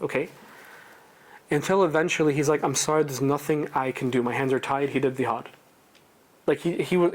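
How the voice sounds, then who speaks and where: A man teaching a casual religious lesson at a prayer center, talking conversationally and quizzing his listeners with rhetorical questions. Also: a little high. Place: indoor community prayer center.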